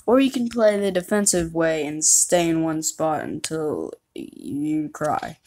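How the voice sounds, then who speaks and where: Slow-talking woman doing game commentary. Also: low-pitched, animated, a little mellow. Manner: chatty, rambling, self-mocking. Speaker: gamer. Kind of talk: gameplay commentary.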